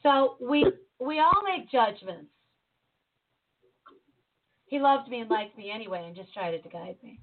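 A woman from Chicago talking in an animated, casual way and quick to jump in. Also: fairly high pitch. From Chicago, USA. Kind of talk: casual conversation. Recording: tinny phone-like line.

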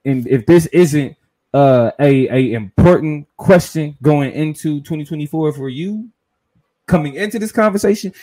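A podcast co-host with a slightly high, warm voice explains politics thoughtfully and casually. He often restarts his phrases.

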